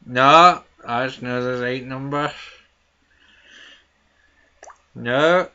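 Guy doing a raging granny, swears nonstop, bright sharp voice, dull lo-fi sound. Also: slow, clear, resonant tone. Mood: grumbling. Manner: swearing rants with sudden shrill outbursts. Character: foul-mouthed furious old granny. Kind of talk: comedy character vlog.

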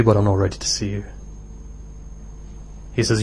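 A man's voice: on the low side, little pitch movement, normal speed, long pauses, a little mellow, slightly rough. A man with a British accent preaching a sermon in a mosque hall, telling stories and rising to impassioned exhortation.

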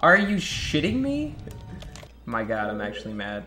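A man's voice: medium pitch, huge pitch swings, measured pace, sharp tone, soft background music. A man streaming a game live, joking crudely with his chat and swearing often. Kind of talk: live-stream gameplay commentary.

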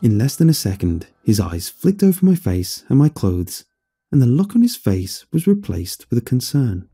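A man narrating a horror story with a deep, very dark tone and a husky edge. His pitch swings widely as he dramatizes each moment. Faint music plays behind him. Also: sing-song, normal speed.

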